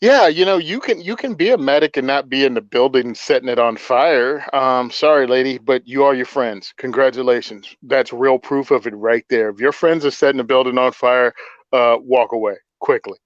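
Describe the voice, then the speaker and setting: A man's voice: mid-range voice, normal speed, dry recording, muffled recording. Blunt sarcastic man hosting a chat. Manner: blunt, sarcastic, laughs often. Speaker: podcast host. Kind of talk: casual political chat.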